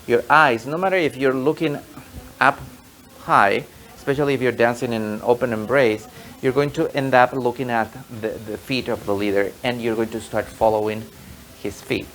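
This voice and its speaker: A man's voice: medium pitch, fairly even intonation, normal speed, fairly bright tone, a little hiss or hum, low-quality recording. A man teaching an online tango lesson, patiently explaining and counting the rhythm aloud in a sing-song way.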